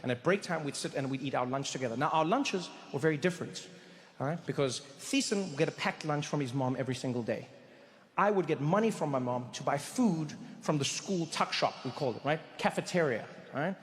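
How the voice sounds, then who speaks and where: A male stand-up comedian telling a story on a live stage, animated and acting out voices. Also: on the high side, brisk. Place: large live theatre. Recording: echoey hall with faint crowd noise.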